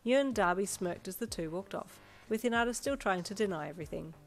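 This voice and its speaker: A woman with an Australian accent reading her fanfiction aloud in a casual, chatty, lively storytelling manner. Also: medium pitch, brisk. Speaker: fanfiction narrator.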